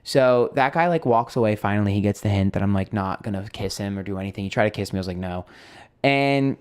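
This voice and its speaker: Young man with a smooth, low voice. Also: quick pace, no room sound, studio quality. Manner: rambling, swears freely, exasperated. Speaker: tarot reader and streamer. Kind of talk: casual storytelling chat.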